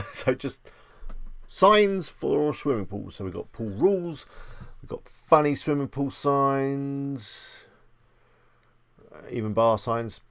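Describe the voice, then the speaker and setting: A man's voice: mid-range voice, lively intonation, slow, gravelly, a bit bright, no room sound. A man hosting a live stream, chatting with viewers in an easygoing, rambling way. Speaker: livestream host. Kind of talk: casual live-stream chat.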